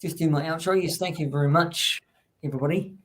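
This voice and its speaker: Talking fast in a voice on the high side, a man hosts a relaxed live-streamed chat. His rambling speech is full of fillers and restarts, and he offers warm thanks to viewers in the chat.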